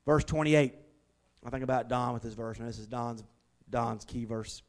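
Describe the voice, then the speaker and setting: A male pastor, preaching a sermon in a folksy, conversational way and leaning on slowed, emphatic stresses. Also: medium pitch. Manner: emphatic, with slowed dramatic stresses and acted-out prayers.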